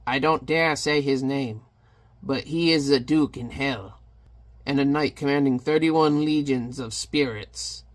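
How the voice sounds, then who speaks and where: A man's voice: medium pitch, measured pace, natural voice. A man voicing a scheming little male pixie creature in a sly, conspiratorial way, reading a comic aloud.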